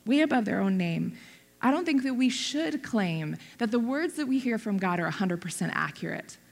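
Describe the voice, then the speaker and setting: A woman in her thirties preaches a sermon, with a slightly high voice that has a gravelly fry in it. She talks candidly and pokes fun at herself. Her voice rings out with a long reverb, as in a large hall. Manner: candid storytelling, self-deprecating, frequent laughter and restarts.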